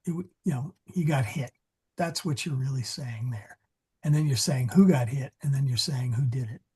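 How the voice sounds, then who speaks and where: A man's voice: medium pitch, normal speed, a little mellow. A man teaching a Latin grammar class, talking in a digressive way and often correcting himself. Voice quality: very husky. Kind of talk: classroom lesson. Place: church meeting room.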